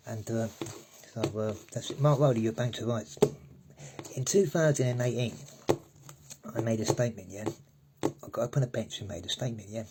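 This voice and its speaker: A man's voice: mid-range voice, moderate pace, long pauses, very noisy. A man, talking straight to camera in a sweary, rambling rant and tagging "yeah?" onto his sentences. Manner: sweary, ranting, repeats "yeah?". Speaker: vlogger. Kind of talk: angry rambling monologue.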